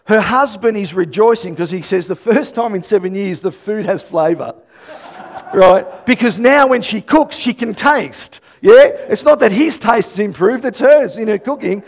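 A man preaching a lively sermon, acting out little conversations and shouting his key points. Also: high voice, a little slow. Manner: animated, acts out quoted dialogue, shouts emphasis. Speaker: pastor.

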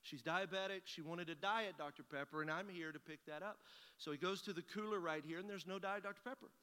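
A pastor delivers a sermon in a high, brisk male voice that sounds pushed, bright, and smooth. He tells a folksy personal story and acts out both sides of the conversation. The recording carries a long hall reverb.

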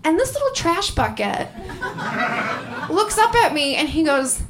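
A young woman performing stand-up comedy, telling stories in an animated way, often laughing and jumping up into high squeals. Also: a little slow, long pauses, background noise.

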